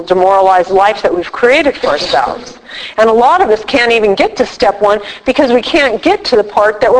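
Woman speaker for a recovery group, slightly high voice, chatty and jokey, restarts often. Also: poor audio. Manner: lively and joking, acting out her own voice in quotes; loose and chatty, with many restarts. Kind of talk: talk to a live group.

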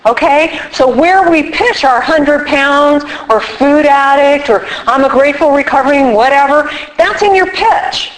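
A woman speaking casually at a recovery meeting, animated and acting out little quoted voices as she explains. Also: high-pitched, unhurried, hardly any pauses, low-quality recording. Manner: animated, acts out quotes with props. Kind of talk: casual workshop talk.

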